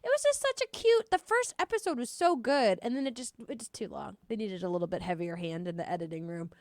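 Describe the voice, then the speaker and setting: Relaxed, wry woman podcaster. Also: medium pitch, fast talker, no room sound, clean studio sound. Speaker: podcast co-host. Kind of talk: casual chat.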